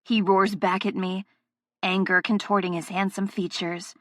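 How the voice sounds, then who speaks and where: A woman's voice: mid-range voice, flat delivery, normal speed, fairly bright tone, dry recording, clean studio sound. A woman narrating a first-person audiobook, with a heated, emotionally charged delivery.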